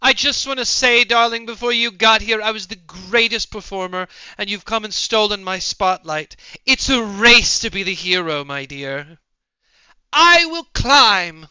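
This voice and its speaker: A man's voice: sits high, expressive, a little slow, bright, forceful tone, clear, resonant tone, no room sound, highs cut off, pitched above the performer's own voice, heavily acted. A man voicing a vain, showy male stage performer who speaks in a grandiose, theatrical way. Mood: boastful. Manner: grandiose, theatrical, calls others darling.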